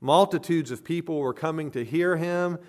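A man's voice: on the high side, moderate pace. A man preaching an expository sermon as a pastor, earnest and emphatic, hammering home points with repeated phrases.

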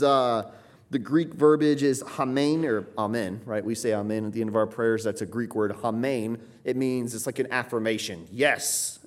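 A man preaching a teaching sermon from the United States, earnest and emphatic, often restarting his sentences. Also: mid-range voice. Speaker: pastor.

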